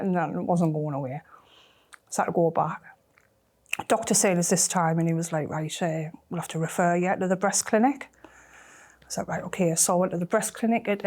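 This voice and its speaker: A middle-aged woman, telling a personal story in an emotional, halting way that often drops to a near whisper. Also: fairly low pitch, warm tone. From North East England. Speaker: interviewee.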